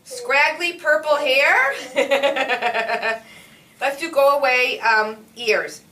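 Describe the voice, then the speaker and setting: A woman speech therapist prompting a young child word by word in a slow, animated way during a one-on-one session. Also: sits high. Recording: echoey room, mic at a distance.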